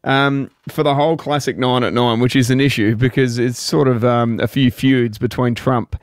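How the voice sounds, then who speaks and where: A man's voice: medium pitch, steady tone, normal speed, no room sound, studio quality. A man co-hosting a radio show, upbeat and enthusiastic with frequent fillers. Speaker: radio co-host. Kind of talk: casual radio banter.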